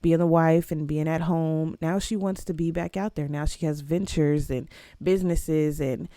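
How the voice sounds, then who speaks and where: A young adult woman hosting her own podcast, talking casually and emphatically, with sudden leaps up in pitch. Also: steady tone, moderate pace, warm tone, no room sound, clean studio sound. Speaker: podcast host. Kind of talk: casual solo podcast commentary.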